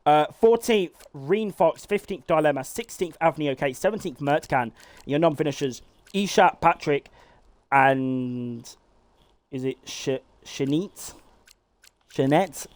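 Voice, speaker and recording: A man giving live play-by-play commentary on a sim race, excitable and swearing freely as he calls the action. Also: fairly high pitch, measured pace, no room sound.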